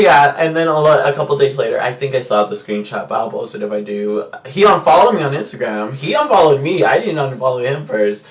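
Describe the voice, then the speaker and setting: A young man vlogging in a casual storytime chat, animated, jumping to squeaky highs and hushed whispers when he acts out his own reactions. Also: fairly quick, few pauses, distant mic. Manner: animated, swings into loud high squeals and hushed whispers when quoting himself. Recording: roomy echo, a bit off-mic.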